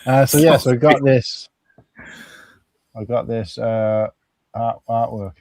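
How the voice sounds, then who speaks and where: A man's voice: medium pitch, takes it slowly, darkish tone, no echo. A man hosting a casual live stream with friends, laid-back, laughing often and swearing freely. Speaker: streamer and show host.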